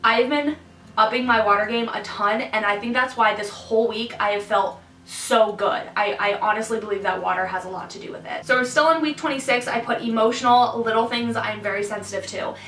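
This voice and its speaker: A young pregnant woman chatting casually to her viewers, full of "like" and quick asides. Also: fairly high pitch, reverberant, far from the mic, rough recording. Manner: chatty, lots of "like", animated asides. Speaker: vlogger. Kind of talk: casual pregnancy update vlog. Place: hot room indoors.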